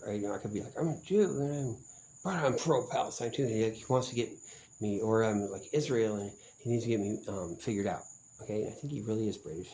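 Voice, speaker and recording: A man with a lowish, mellow voice talks in a meandering vlog monologue. He is profane and suspicious and keeps circling back with "um" and "like". Faint crickets chirp behind him. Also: slight background noise, rough recording. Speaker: vlogger. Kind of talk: rambling monologue.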